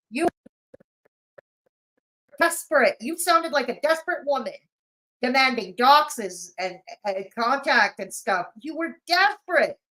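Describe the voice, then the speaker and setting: A woman's voice: high-pitched, fairly bright tone, poor audio. A woman hosting a live-stream, commenting on clips in a sarcastic, mocking way. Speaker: commentary channel host.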